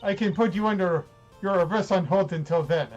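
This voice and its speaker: A man's voice: high voice, fairly quick, a little mellow, dull audio, faint music behind, natural voice. A man voicing a haughty young female prosecutor in a mock German accent, cold and scolding. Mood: imperious. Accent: put-on German. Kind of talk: reading game dialogue aloud.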